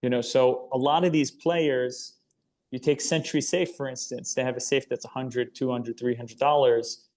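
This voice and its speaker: A man's voice: mid-range voice, fairly even intonation, moderate pace, darkish tone. A company founder and interview guest talking casually and earnestly about his product and business.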